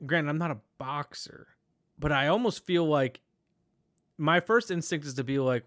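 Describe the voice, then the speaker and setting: A man's voice: fairly high pitch, normal speed. Man in a casual movie chat. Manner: animated, rambling with restarts and fillers. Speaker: podcast host.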